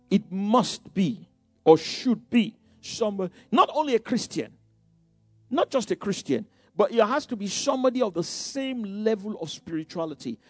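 High-voiced preacher with faint music. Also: male voice, no echo. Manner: conversational preaching with many "you know" asides and repeated phrases. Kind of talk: sermon.

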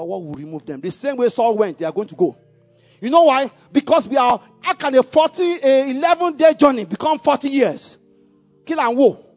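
Husky high-voiced preacher. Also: male voice, highs cut off. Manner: swings from low musing to loud fervent preaching, laughs often. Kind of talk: sermon.

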